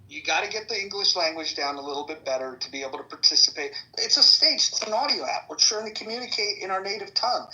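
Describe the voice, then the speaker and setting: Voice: mid-range voice, pushed and bright, poor audio. A host of a live audio-app stage who talks bluntly, swears, and cuts in on others. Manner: blunt, profane, interrupts. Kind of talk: heated live audio-room argument.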